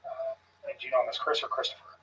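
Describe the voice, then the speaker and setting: A man questioning someone in a recorded police interview, calm and measured with frequent pauses. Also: mid-range voice, slight background noise. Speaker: police investigator. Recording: muffled, distant room recording.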